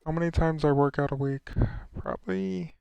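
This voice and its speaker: Gravelly young man chatting on stream. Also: on the high side, moderate pace, darkish tone, dry recording, dull audio. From United States. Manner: reads out and answers chat questions, with frequent restarts. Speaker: livestreamer. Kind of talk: casual live-stream chat.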